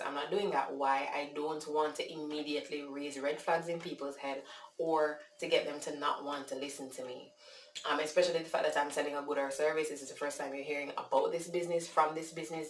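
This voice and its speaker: A Jamaican woman vlogger telling a casual, animated story, with frequent fillers. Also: low voice, slight background noise. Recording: echoey room, distant mic.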